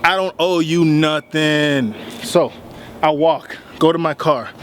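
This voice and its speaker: A young man in a casual vlog, retelling a dispute in an animated, heated way. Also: a little high, slow, a little hiss or hum. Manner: animated, retells arguments with rising heat. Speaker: vlogger.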